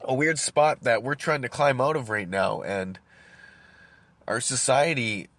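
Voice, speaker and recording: A man in the middle of a long solo rant on his podcast, cursing freely and circling back over his own words. He doubles up words as he searches for the next thought. His voice sits at an ordinary middle pitch while he smokes and sips coffee. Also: fairly bright tone, no room sound. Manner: rambling, profane, repeats words while thinking; smoking and drinking coffee while talking. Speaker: podcast host.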